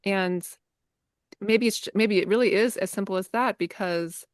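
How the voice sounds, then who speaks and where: A woman guest on a podcast, speaking in a warm, affirming and reflective way with gentle hesitations. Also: mid-range voice, unhurried, no room sound, studio quality. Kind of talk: casual conversation.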